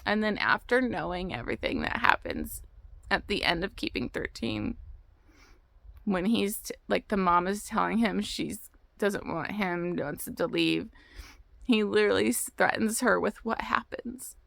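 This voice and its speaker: With a medium-pitched, creaky, slightly bright voice and lively intonation, a young woman speaks a little slowly. She's vlogging casually outdoors about books, tearful, emotional, rambling, and often restarting her sentences.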